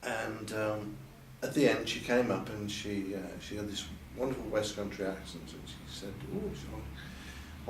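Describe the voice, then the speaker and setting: An older man with a lowish voice reminisces candidly at a measured pace, hardly pausing, though he hesitates and repeats words and lifts his voice to quote others. The interview took place at an event venue. There's background noise and faint ambience in the roomy, distant-mic recording.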